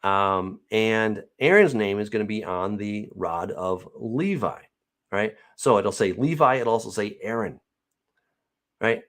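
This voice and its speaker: A man giving a casual verse-by-verse Bible teaching, reading scripture aloud and then explaining it in a lively, chatty way. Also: on the low side, measured pace.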